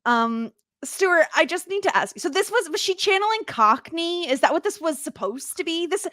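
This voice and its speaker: A woman hosting a casual podcast chat, giggly and animated as she tells the story. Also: very high-pitched, moderate pace, dry recording, clean studio sound. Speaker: podcast host.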